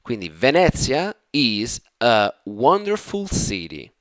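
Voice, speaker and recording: A man from Italy with an Italian accent, teaching an online Italian lesson, enthusiastic and repeating phrases slowly for pronunciation. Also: medium pitch, huge pitch swings, no echo.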